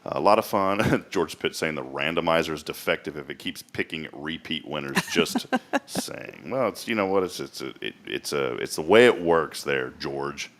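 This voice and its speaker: A man's voice: a bass voice, moderate pace, few pauses. A man hosting a local morning show, teasing and telling stories in a casual chat. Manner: jokey, teasing, animated storyteller. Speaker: host.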